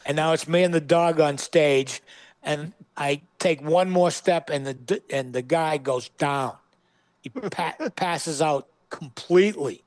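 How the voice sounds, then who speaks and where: A man's voice: fairly high pitch, unhurried, no echo. Man telling a punchy comic story. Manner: punchy comic delivery with acted-out quotes. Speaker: guest comedian. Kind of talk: animated storytelling. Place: studio.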